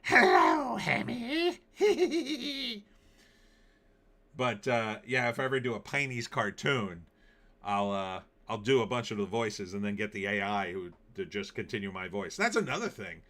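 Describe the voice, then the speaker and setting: Male show host riffing and rambling, sarcastic, kinda low but bright and forceful. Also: lively intonation, moderate pace. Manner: sarcastic, rambling, with frequent fillers. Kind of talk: casual political and movie commentary.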